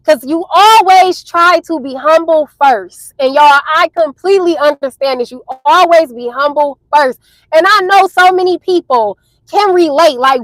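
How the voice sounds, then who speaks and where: A young woman telling a high school story to her viewers in a chatty, animated way. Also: no room sound, rough recording. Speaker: storytime vlogger.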